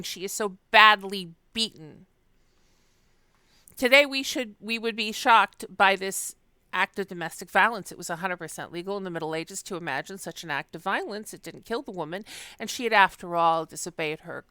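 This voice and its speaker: A woman's voice: a little high, animated, moderate pace, pushed and bright, clear, resonant tone, no room sound, studio quality. A woman giving a chatty, wry lecture on medieval literature, with frequent fillers. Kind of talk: casual recorded lecture.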